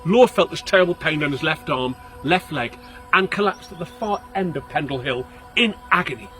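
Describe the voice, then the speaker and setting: A man, a local guide telling a story on location outdoors, theatrical, shifting between hushed and loud. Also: on the high side, animated, normal speed, faint music behind. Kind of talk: dramatic storytelling.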